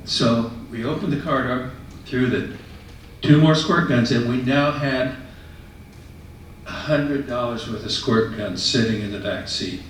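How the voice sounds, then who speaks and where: A man telling a personal story to an audience in a conversational, animated way. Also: mid-range voice, a little slow, slight background noise. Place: retirement residence common room. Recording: echoey room, mic far off.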